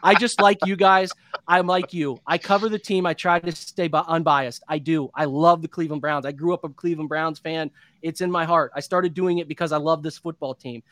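A man's voice: a little high, steady tone, fairly quick, a bit bright, dry recording, clean studio sound. A man in his thirties hosting a postgame sports show, venting in an impassioned, repetitive rant. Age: 30s. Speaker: podcast host.

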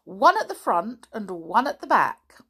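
A woman's voice: fairly high pitch, lively intonation, takes it slowly, pitched above the performer's own voice. A woman voicing a timid, anxious male bunny in a children's storybook, fretful and nervous.

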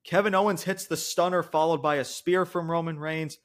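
A man recapping a wrestling match in a casual, excitable way, swearing freely and tripping over his words. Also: on the high side, moderate pace. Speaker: wrestling show reviewer.

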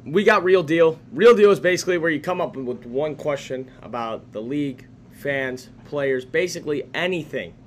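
A young man from the Chicago area with a slight Chicago accent, co-hosting a live sports podcast in casual chat, excitable and cursing freely. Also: mid-range voice, a little hiss or hum. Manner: excitable, swears freely, quick to laugh. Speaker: podcast co-host.

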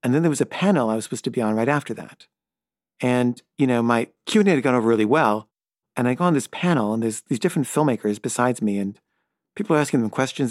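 A man's voice: medium pitch, a little mellow, no echo, studio quality. Rambling middle-aged man telling a story. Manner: loose and rambling, full of "like" and "kinda"; stammers and repeats himself when flustered. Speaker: filmmaker. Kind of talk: casual spoken anecdote.

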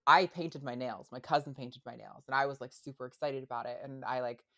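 This young adult woman has a rumbling low voice with a slightly bright edge, and she talks a little fast. She's a podcast guest in a casual interview chat, hesitant and full of fillers and restarts.

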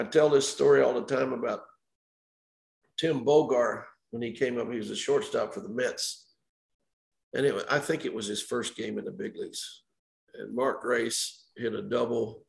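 A man's voice: mid-range voice, creaky, echoey room. An older man, a former baseball umpire, telling anecdotes in an interview and chuckling at his own stories. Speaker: retired baseball umpire, guest. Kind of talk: storytelling interview.

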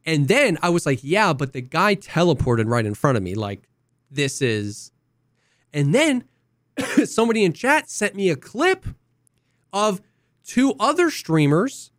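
A young man with a voice on the high side tells a long gaming story on a casual podcast, speaking at a measured pace with a sing-song lilt and a fairly bright tone. He acts out quoted voices and coughs now and then. The recording is dry and close, with no room sound.

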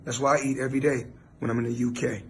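A man mimicking a husky bragging boxing star. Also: medium pitch, little pitch movement, quick pace, voice pushed down. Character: boastful rich male boxing star bragging.

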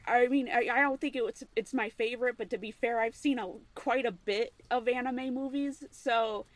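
A young woman with a fairly high voice chats on a podcast. She hesitates often and leans on fillers like "um" and "you know". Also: steady tone, normal speed. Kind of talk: casual podcast chat.

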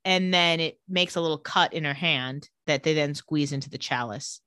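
Woman, podcast co-host, casual recap, lowish pitch, dry close sound. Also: moderate pace, clean tone, no echo. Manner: recaps the plot, quoting characters in animated voices. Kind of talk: casual chat.

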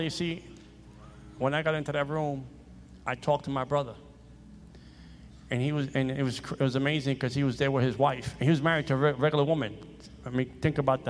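A man with a medium-pitched voice preaches a sermon, repeating phrases for emphasis. He shifts between loud exhortation and quiet personal stories.

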